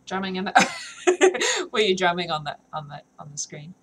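A woman's voice: on the low side, wildly swooping pitch, normal speed, a bit bright, husky, rough recording. Chatty woman reading a novel on stream. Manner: chatty, laughs often, self-deprecating. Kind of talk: live-streamed book reading and chat.

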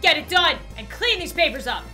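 A woman's voice: sits high, very animated, brisk, sharp tone, faint music behind, exaggerated voice. A woman voicing a harsh, belittling male office boss in a game she reads aloud. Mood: contemptuous. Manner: cold, belittling, barking. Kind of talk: game dialogue read aloud.

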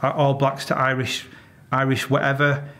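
A man's voice: medium pitch, completely flat delivery, normal speed, a bit bright. A man with a Yorkshire accent, a retired police officer telling stories in an interview, blunt and exasperated, swearing freely. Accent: Yorkshire English. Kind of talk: candid interview storytelling.

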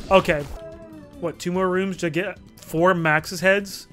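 A young man with a high, bright voice narrates his gameplay in a jokey, rambling way. He swears freely, jumps between mock threats and self-mockery, and bursts into sudden shouts. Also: steady tone, slow, faint music behind. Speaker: gaming commentator. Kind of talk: let's play commentary.

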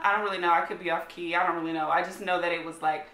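An American woman hosting a reaction vlog, chatting casually, gushing and excitable with lots of slang. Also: lowish voice, rapid-fire. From United States. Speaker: reaction video host. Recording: echoey room. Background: faint music playing.

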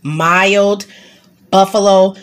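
Excitable woman hosting her home cooking channel, drawn-out easy pace, playful rhyming asides to viewers. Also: medium pitch. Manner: playful sing-song rhyming chatter, keeps addressing viewers as y'all; excitable and unscripted. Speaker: home cook and channel host. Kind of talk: casual cooking vlog narration.

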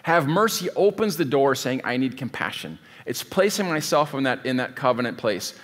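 Male pastor, mid-pitched voice, casual sermon, rambling, self-correcting. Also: very animated, moderate pace, fairly bright tone. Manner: conversational, digressive, thinks aloud mid-sentence.

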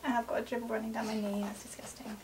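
This woman's voice is a little high with little pitch movement, and she speaks in rapid-fire bursts. She's a dog trainer chatting through a casual how-to vlog, giving her dog brief commands and bright praise. The mic is distant, and background noise comes through clearly.

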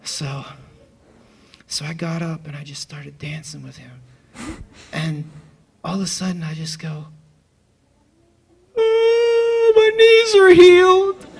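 A man telling a personal testimony in a chapel, excited and laughing often as he acts out the people in his story. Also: a little high, a little slow, gravelly, pauses often, a little hiss or hum. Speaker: church member giving testimony.

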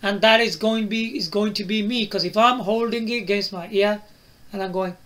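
A man's voice: sits high, fairly even intonation, moderate pace, pauses often, fairly bright tone. A man reviewing a phone to camera, asking the viewer questions and tagging his lines with "right?" and "yeah?". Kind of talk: product demo to camera.

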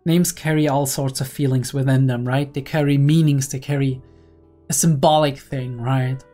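A woman's voice: extremely low pitch, steady tone, moderate pace, dark tone, faint music behind. A young woman and psychology student giving analytical anime reaction commentary, often checking in with "right?". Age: young adult.

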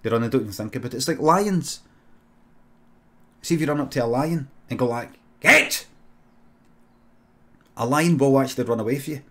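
Deadpan sweary Scottish man telling a story. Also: mid-range voice, quick pace. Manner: deadpan, sweary storytelling with sudden shouted outbursts. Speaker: streamer improvising a story. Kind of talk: improvised comic storytelling.

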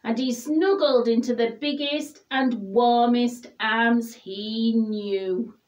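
A woman reading a children's picture book aloud in a gentle, expressive storybook voice. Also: fairly high pitch, slow.

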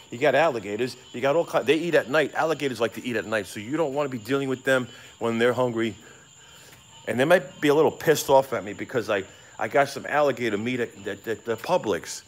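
Sweating in the heat by a pond at night, a middle-aged man streams live from his phone, excitable, rambling and cursing freely. He has a mid-range voice, and frogs and insects can be heard chirping around him.

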